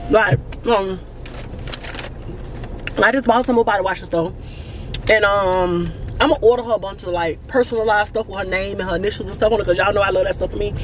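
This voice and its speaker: A woman in her forties, a vlogger chatting excitedly and rambling to her phone camera from her car. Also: medium pitch, brisk, a little hiss or hum, rough recording. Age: 40s. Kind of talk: casual vlog talking to camera.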